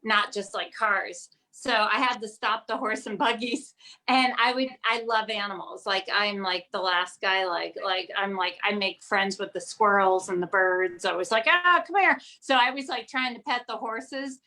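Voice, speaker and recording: A woman's voice: medium pitch, fairly even intonation, normal speed, pushed and bright. A woman from Ohio, a stand-up comedian, telling stories in a brash, profane, casual way. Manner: brash, profane storytelling with laughs. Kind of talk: casual chat.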